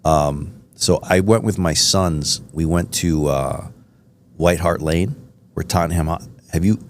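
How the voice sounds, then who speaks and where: A podcast host from Miami with a very low voice. He tells his stories in a rambling, enthusiastic way, full of fillers and asides. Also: a little slow, a little hiss or hum. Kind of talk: casual interview chat.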